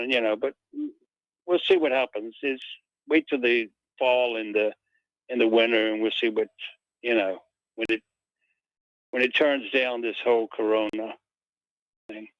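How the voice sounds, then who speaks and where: A man's voice: mid-range voice, steady tone, unhurried, long pauses, dry recording. A man calling in to a talk radio show, rambling and hesitant, heard over a phone line. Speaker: caller. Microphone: telephone.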